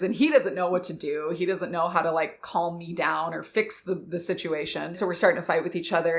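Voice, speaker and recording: A young adult woman co-hosting a podcast, telling a story in casual chat, animated and laughing, acting out quotes with big leaps in her voice. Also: on the low side. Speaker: podcast co-host.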